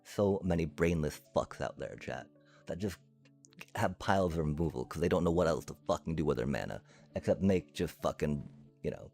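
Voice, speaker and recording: A man's voice: a bass voice, lively intonation, normal speed, gravelly, darkish tone. A male streamer ranting to his chat, angry and profane, swearing through his frustration. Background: faint music.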